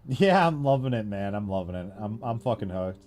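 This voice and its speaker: A young man chatting casually with viewers while he streams a game, relaxed, laughing often and swearing freely. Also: fairly low pitch, a little fast, soft background music. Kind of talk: casual live-stream chat while gaming.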